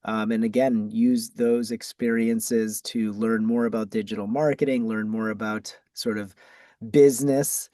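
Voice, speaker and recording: A middle-aged ad agency founder from Massachusetts answers interview questions as a guest, his Boston accent clear. His voice is on the low side, dark and steady, and he speaks in a measured way with many ums and restarts, recorded dry.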